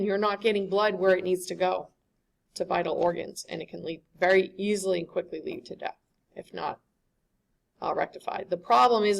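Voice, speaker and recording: Woman lecturer, gravelly voice, chatty, keeps asking "right?". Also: mid-range voice. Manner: conversational, often checks in with "right?". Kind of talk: classroom lecture. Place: lecture classroom.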